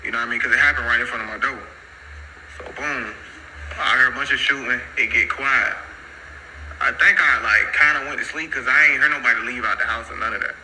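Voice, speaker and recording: Male storyteller, casual and slangy, mid-pitched and piercingly bright. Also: fairly quick, slight background noise, poor audio. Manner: slangy, rambling, repeats "so boom".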